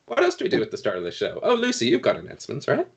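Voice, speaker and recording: A man's voice: mid-range voice, huge pitch swings, very fast, background noise. A man with an Irish accent hosting and running a tabletop game stream, joking and swearing casually. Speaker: game master.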